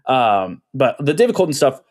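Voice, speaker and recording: A man in a relaxed podcast chat, calling in remotely with a medium-pitched voice. He talks conversationally, hedging his points with plenty of "like" and "uh". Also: normal speed. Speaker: podcast co-host.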